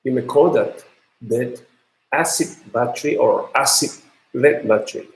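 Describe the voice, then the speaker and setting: A Japanese man with a Japanese accent, a non-native English speaker giving an online university lecture in a halting manner as he searches for words. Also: medium pitch. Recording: roomy echo.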